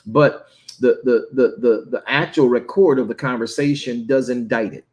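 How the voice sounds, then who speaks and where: A man's voice: medium pitch, moderate pace. A man preaching a conversational sermon, often repeating words and checking in with "right?".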